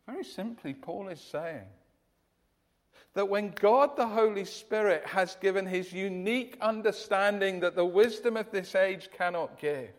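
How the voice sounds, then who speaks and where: A man preaching from the pulpit with an earnest, emphatic delivery and a notably high voice. His words ring out with a long reverb, as if spoken in a large church hall. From United Kingdom. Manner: earnest, emphatic, with frequent restarts. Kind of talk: sermon.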